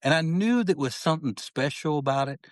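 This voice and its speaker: A man's voice: a little high, animated, a little fast, no room sound. Earnest middle-aged man, dry sound. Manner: earnest, heartfelt, peppers speech with "man". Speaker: podcast guest. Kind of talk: personal storytelling in an interview.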